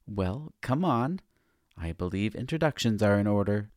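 A man's voice: fairly low pitch, animated, moderate pace, a little mellow, dry recording, studio quality, natural voice. A man voicing a wry, otherworldly guide who walks on water, speaking in a teasing sing-song. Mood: coaxing.

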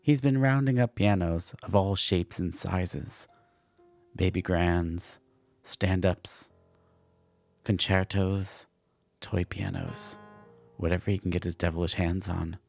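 A man's voice: sits low, takes it slowly, gravelly, long pauses, darkish tone, no echo, faint music behind, heavily acted. A man voicing a brooding ferryman spirit in dog form, speaking in a weary, doubtful way.

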